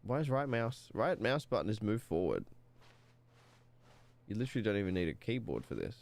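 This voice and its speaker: A man with a congested nose chats through a live stream, playfully putting on a posh narrator voice. His pitch is lively and jumps around a lot as he jokes with chat. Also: a little fast, vocal fry. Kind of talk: casual live-stream commentary.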